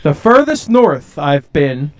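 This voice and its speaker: A man from Delaware County, Pennsylvania, co-hosting a podcast in casual chat with a deadpan joking manner. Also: a little high, slow. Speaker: podcast co-host.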